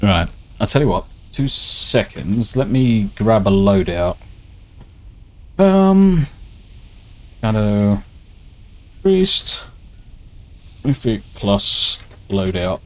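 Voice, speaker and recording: A man's voice: lowish voice, lively intonation, extremely slow, pauses often, a little mellow. Swearing man streaming a game. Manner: swearing, rambling and chatty, reads out viewer messages. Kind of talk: casual gameplay chat.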